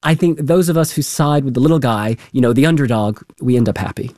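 A man appearing as a cultural critic on a radio show, giving thoughtful, measured commentary. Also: medium pitch, fairly even intonation, dark tone, no room sound, studio quality. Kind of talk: studio discussion.

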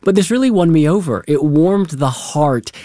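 A man with a mellow, warm-toned voice, speaking as a cultural critic in a studio discussion. He gives thoughtful, measured opinions. The sound is dry and close. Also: on the high side, expressive, no echo.

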